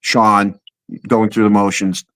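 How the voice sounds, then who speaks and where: A man's voice: on the low side, flat delivery, takes it slowly, pushed and bright. A man on a casual livestream chat from his phone, rambling with restarts and teasing questions.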